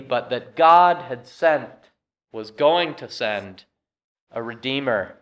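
A man preaching a sermon as pastor, earnest and emphatic, swinging between loud stresses and hushed asides. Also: mid-range voice.

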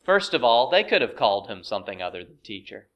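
A man's voice: mid-range voice, sing-song, fast talker, background noise. A middle-aged man preaching a sermon, asking rhetorical questions and acting out quoted voices with rising intensity. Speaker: pastor.

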